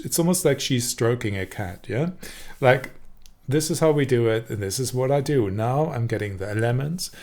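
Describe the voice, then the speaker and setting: A man's voice: medium pitch, vocal fry. A man talks through a video clip as a presentation coach, explaining vocal range and tone in a casual, conversational way. He sometimes slips into short demonstrations of the voices he is describing. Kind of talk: video analysis commentary.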